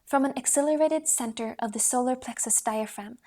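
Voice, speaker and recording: A woman reading aloud from a voice training book in a steady manner, stopping to demonstrate vocal exercises. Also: a little high, a little fast. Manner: reads steadily, demonstrates vocal exercises with rising sung tones. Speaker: voice book reader.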